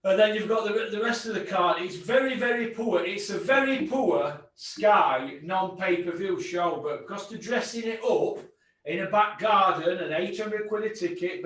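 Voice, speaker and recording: High-voiced man in an echoey room. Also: fairly bright tone. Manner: blunt, sweary, ranting. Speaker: host. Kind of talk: boxing podcast chat. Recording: very echoey room, distant mic.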